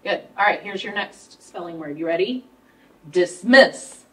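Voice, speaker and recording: A woman's voice: on the low side, fairly quick, a bit bright. Patient woman tutoring one-on-one, recorded from afar. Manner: patient, prompting step by step. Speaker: reading tutor. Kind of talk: one-on-one structured literacy lesson. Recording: faint room noise, mic at a distance.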